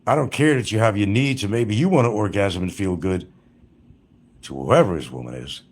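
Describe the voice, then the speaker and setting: A man's voice: fairly low pitch, normal speed. A middle-aged man livestreaming, telling rambling, crude and profane stories about his past.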